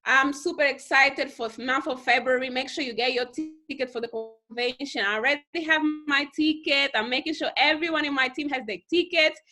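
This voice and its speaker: A high, bright woman's voice gives a motivational talk to her team over a video call. She talks with heavy emphasis, repeats phrases to drive them home, and now and then mimics other people in squeaky voices. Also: brisk, hardly any pauses. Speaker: team leader on a group call.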